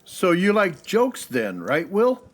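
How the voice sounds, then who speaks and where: Brief: cheerful American tourist guy, easygoing, sing-song and breathy, put on by a male storyteller. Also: sits high, wildly swooping pitch, takes it slowly, voice pushed up, exaggerated voice. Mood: friendly. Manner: breezy, easygoing.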